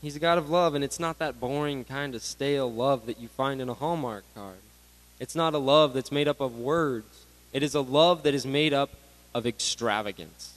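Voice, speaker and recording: A man in his twenties giving a sermon to graduates, animated, swinging between loud bursts and hushed asides. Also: mid-range voice, moderate pace, rough recording. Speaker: graduation speaker.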